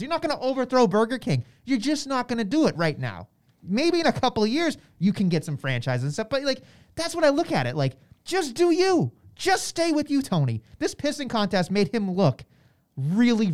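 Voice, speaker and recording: A woman co-hosting a podcast, chatting casually and ranting with strong opinions. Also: medium pitch. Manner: animated ranting, acts out quotes in mock voices. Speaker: podcast co-host.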